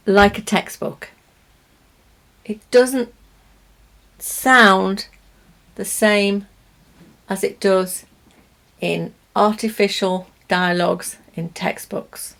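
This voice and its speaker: A woman with a British accent teaching English pronunciation, speaking slowly and deliberately, stressing each word for learners. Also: medium pitch, fairly even intonation, vocal fry, fairly bright tone. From Britain. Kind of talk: language lesson to camera.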